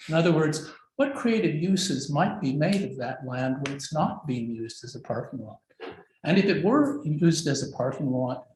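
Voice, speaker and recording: Man, public comment, measured and formal, lots of um and uh, echoey meeting room. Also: medium pitch, darkish tone. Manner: measured, many fillers, formal phrasing. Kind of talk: public comment at city hearing. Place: council chamber.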